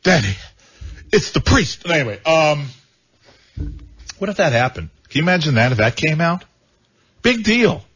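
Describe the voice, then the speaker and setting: A man's voice: on the high side, big pitch swings, normal speed, long pauses, a bit bright, breathy edge. A man hosting a talk radio show, joking and rambling with frequent stammered repeats. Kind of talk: casual talk radio banter. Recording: dull lo-fi radio sound.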